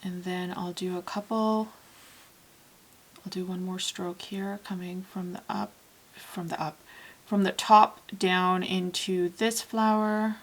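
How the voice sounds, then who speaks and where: A woman teaching a watercolour painting tutorial in a casual, chatty way, talking softly as she paints and sometimes dropping to a near-whisper. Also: on the low side, slow pace, low-quality recording. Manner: chatty and relaxed, with fillers and self-corrections.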